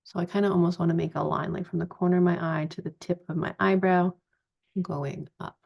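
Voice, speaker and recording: A woman in her forties giving a chatty, relaxed step-by-step makeup tutorial. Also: fairly low pitch, brisk, gravelly, slightly rough, muffled recording. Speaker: makeup vlogger.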